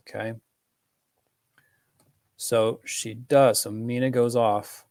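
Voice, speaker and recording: A man's voice: mid-range voice, level tone, slow pace, long pauses, darkish tone, no echo, studio quality. A man giving a casual, rambling film analysis, full of fillers and restarts. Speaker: film commentator.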